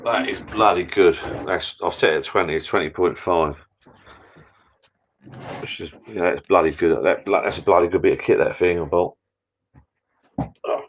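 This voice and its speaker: Low-voiced man chatting tiredly. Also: normal speed, long pauses, husky. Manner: rambling, chatty, mild swearing. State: tired, a few beers in. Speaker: live-stream host. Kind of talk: casual live-stream chat. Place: backyard shed bar, small room indoors. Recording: dull lo-fi stream audio.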